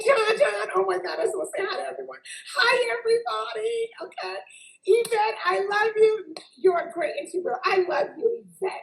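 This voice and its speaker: A woman host with a high, gravelly voice, gushing and effusive in easy chat. She sounds like she is in a roomy, echoey space. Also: darkish tone. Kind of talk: casual chat. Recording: echoey room.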